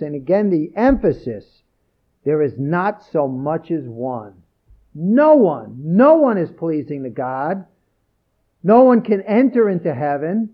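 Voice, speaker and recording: Male preacher, higher voice, emphatic scripture reading, muffled low-fi audio. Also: sing-song, slow pace. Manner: earnest, emphatic, repeats key phrases. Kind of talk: sermon.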